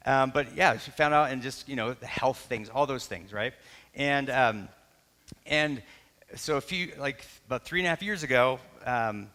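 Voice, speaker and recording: Middle-aged guy preaching, pastor telling a story, chatty and self-correcting, kinda bright tone, church hall echo. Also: mid-range voice, normal speed. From Canada. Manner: conversational, self-correcting, animated retelling with acted quotes. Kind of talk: sermon with personal story.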